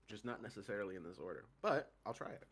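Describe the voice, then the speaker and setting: A man streaming live, chatting casually, animated, laughing often and poking fun at himself. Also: on the low side, quick pace, breathy edge.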